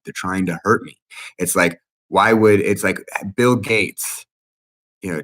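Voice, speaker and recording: A man in his thirties giving an agitated, profane personal account, halting often and restarting his sentences. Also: low voice, fairly bright tone. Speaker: interviewee.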